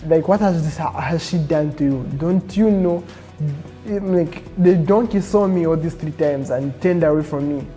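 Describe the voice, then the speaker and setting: Man doing a stern heavenly messenger, slow and measured, dark mellow tone. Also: on the high side, faint music behind, natural voice. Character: stern commanding male angel.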